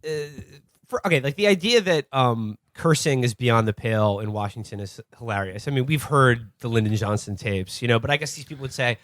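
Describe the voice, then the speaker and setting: A man's voice: medium pitch, animated, fairly quick, a bit bright, no room sound, clean studio sound. A man co-hosting a podcast, chatting casually about politics in a profane, rambling way full of fillers. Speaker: podcast co-host.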